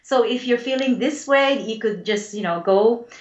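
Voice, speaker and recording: A woman guest who works as a spiritual healer, speaking in a gentle, reflective way with a slightly high voice. The sound is dull and lo-fi and echoes around the room. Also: normal speed. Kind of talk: casual interview answers.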